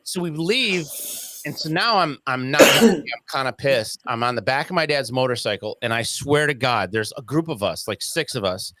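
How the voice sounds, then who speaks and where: A man's voice: medium pitch, expressive, normal speed, sharp tone, slight background noise. A man telling a story as an interview guest, in casual talk that acts out the quoted voices and swears freely.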